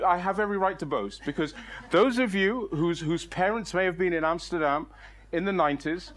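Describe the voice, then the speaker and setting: A middle-aged man spins a comic tale on stage with a somewhat high voice. He talks in an animated, exaggerated way, laughing through his own lines as he goes. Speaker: storyteller. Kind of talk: comic live storytelling. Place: storytelling stage.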